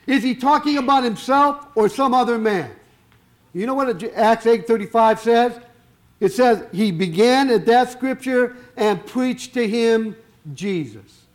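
A man's voice: extremely high pitch, a little slow. A man preaching a sermon, firing rhetorical questions and stretching out the words he wants to stress.

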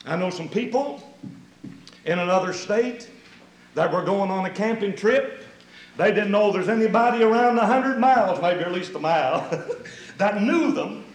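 Man preaching an emphatic, folksy sermon; high voice, echoing hall. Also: moderate pace.

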